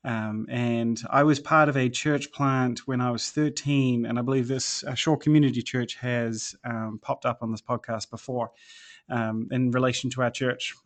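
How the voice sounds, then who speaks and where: A man's voice: mid-range voice, steady tone, normal speed. Man, mixed New Zealand and American accent, rambling guest storyteller, frequent ums, self-deprecating. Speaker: church planter guest. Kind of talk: casual podcast interview.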